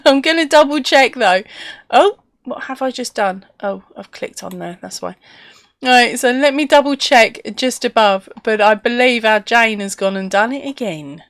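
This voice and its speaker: A woman's voice: a little high, animated, unhurried, no echo. A woman hosting a casual live stream, chatty and laughing often as she reads out viewer comments.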